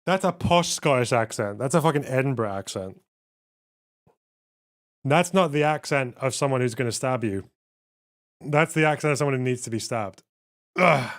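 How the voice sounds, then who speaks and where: A male streamer in casual livestream commentary, reacting bluntly and swearing freely. He speaks at a middle pitch and laughs often between remarks. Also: moderate pace, pauses often. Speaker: livestream host.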